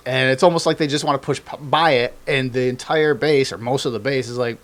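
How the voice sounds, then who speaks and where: Male podcast co-host, casual and profane, mid-pitched, lively delivery with mimicked quotes. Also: fairly quick, hardly any pauses. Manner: animated, swearing, acts out quoted politicians. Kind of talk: casual political chat.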